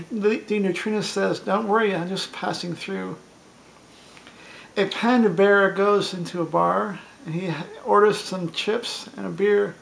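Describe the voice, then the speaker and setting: A man runs through a list of bar jokes one after another, reading them in a plain storytelling way and tripping over a word now and then. His voice sits high with a gravelly edge. A faint hiss stays under the recording. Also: a bit bright, rough recording. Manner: plain storytelling delivery with small stumbles. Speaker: joke teller.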